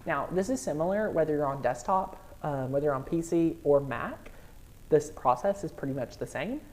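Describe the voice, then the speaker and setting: A woman hosting a live crafting software tutorial, bubbly and excitable, talking viewers through each step. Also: sits low, normal speed.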